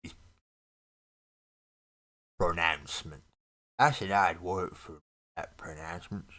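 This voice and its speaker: A British man with a low, deep voice reads game lore aloud at his hobby desk while he paints. He breaks off often for dry, joking remarks in a relaxed, offhand way. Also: slow pace. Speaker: miniature painting streamer. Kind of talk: reading lore aloud with casual asides.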